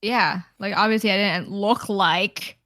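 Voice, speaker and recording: A woman's voice: medium pitch, a little slow, sharp tone, no echo, studio quality. A woman co-hosting a podcast in casual chat, laughing often and swearing casually. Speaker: podcast co-host.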